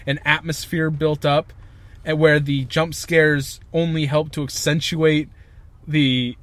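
A man's voice: on the high side, little pitch movement, slow, no echo. A young man co-hosting a casual podcast, ranting emphatically and swearing a lot. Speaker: podcast co-host. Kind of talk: casual chat.

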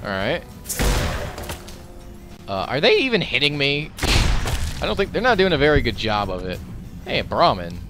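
A man giving let's play commentary over his gameplay. He reacts loudly and profanely, talks back at the enemies and mutters while he loots. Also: medium pitch, normal speed, pauses often, music in the background. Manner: excitable, profane, talks to the game as he plays. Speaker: gaming commentator.

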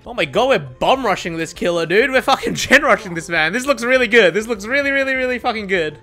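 A man in his twenties commentating his own gameplay, excitable and swearing often, pleading and yelling at the game, voice going hoarse. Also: high voice, quick pace, few pauses, faint music behind. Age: 20s. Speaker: gaming YouTuber.

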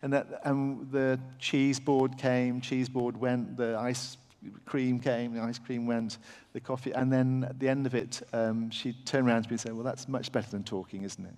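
A middle-aged English man tells a live anecdote to a festival crowd. He talks in a halting, self-deprecating way, with many fillers and restarts. His voice sits mid-pitch and rings with the long reverb of a big hall. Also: completely flat delivery, a little mellow. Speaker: surgeon telling a story on stage. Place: large festival venue with audience.

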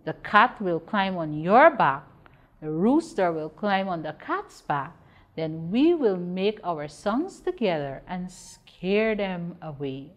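A woman's voice: on the low side, very animated, slow pace. A woman with a Guyanese accent voicing an old male donkey who takes the lead, in a raised storybook voice. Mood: eager.

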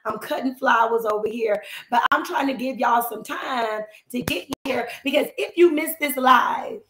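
Slightly hoarse, chatty woman livestreaming. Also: on the high side, moderate pace, echoey room, slight background noise, poor audio. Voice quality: slightly hoarse, losing her voice. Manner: chatty, animated, talks straight to viewers. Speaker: finance coach. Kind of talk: casual live stream chat. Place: at home, cutting flowers. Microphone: phone livestream.

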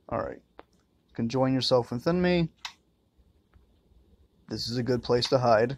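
A man's voice: mid-range voice, unhurried, long pauses, darkish tone. Foul-mouthed man narrating a horror game. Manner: crude and joking, swears and mutters to himself. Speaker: let's-play gamer.

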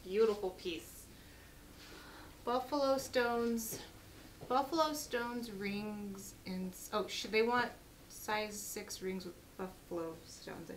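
A woman's voice: mid-range voice, takes it slowly, recorded from a distance, a little hiss or hum, rough recording. A woman hosting a live jewelry sale, chatty and upbeat as she reads out lot numbers and prices, her voice getting worn. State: losing her voice.

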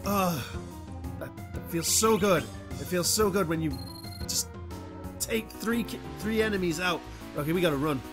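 A man giving excitable commentary while playing a video game, often shouting at it. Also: high-pitched, moderate pace. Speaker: gaming YouTuber. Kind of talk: excitable let's-play commentary. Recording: game music behind.

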